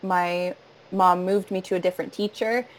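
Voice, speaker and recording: A woman's voice: on the low side, steady tone, moderate pace, poor audio. Earnest woman voice teacher. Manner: warm, earnest, laughs often, demonstrates voice registers. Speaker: voice and singing teacher, audiobook narrator. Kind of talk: casual interview conversation.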